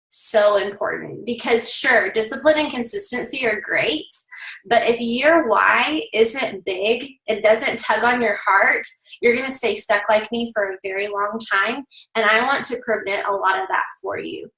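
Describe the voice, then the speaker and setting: A woman in her thirties leading her team on a video call, telling a story with lively energy and talking straight to her listeners. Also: on the high side, echoey room, low-quality recording. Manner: animated storytelling, addresses listeners directly. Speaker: team leader.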